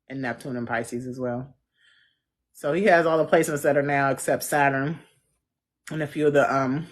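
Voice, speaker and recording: A chatty astrologer hosting a casual live stream, answering viewer comments with loose, slangy talk and frequent laughs. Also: mid-range voice. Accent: Central US. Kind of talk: casual livestream chat.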